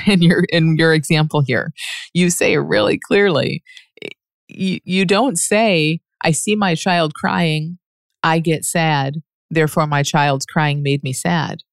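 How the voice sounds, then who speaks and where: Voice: mid-range voice, creaky, dry recording, clean studio sound. A speaker answering a listener's question in a reflective teaching monologue, patient and earnest, reasoning aloud and often restarting sentences. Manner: laughs softly mid-sentence.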